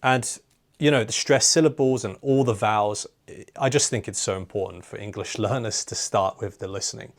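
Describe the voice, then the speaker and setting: Lots of "you know" and "like" fill the talk of this interview host, who keeps the conversation loose and casual. His voice is on the low side and he speaks at an ordinary pace.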